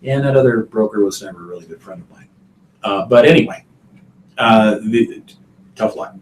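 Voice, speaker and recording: A man's voice: lowish voice, moderate pace, roomy sound, slight background noise, poor audio. A male real estate instructor telling a folksy story in a live online class. He chuckles often and fills his talk with you-knows and uhs. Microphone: computer mic on a video call.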